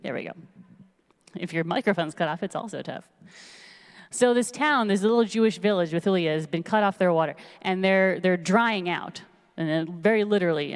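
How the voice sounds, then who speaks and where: A woman casually retelling a biblical story at a synagogue service in a chatty, animated way. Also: on the low side, smooth. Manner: chatty, animated, lots of fillers. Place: large synagogue sanctuary. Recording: long reverb in a large hall.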